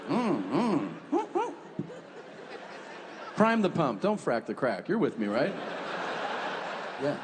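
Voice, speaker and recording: A man works a comedy stage, his mid-pitched voice swinging widely as he spins profane, conversational tales. The sound carries a long hall echo, with clear audience ambience beneath it. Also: sing-song, unhurried, pauses often, noisy background. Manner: crude, profane, conversational storyteller who acts out quotes. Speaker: stand-up comedian. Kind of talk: stand-up comedy storytelling. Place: comedy venue stage before a live audience. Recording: reverberant hall with crowd ambience.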